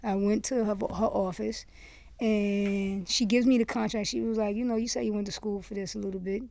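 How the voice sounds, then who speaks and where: A woman from Miami, a podcast guest telling a story in a candid, animated way, acting out quoted dialogue. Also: medium pitch, normal speed, gravelly, dry recording. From Miami, USA. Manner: candid and animated, acts out quoted dialogue, lots of "you see what I'm saying". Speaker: podcast guest, former rapper. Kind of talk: casual storytelling in an interview.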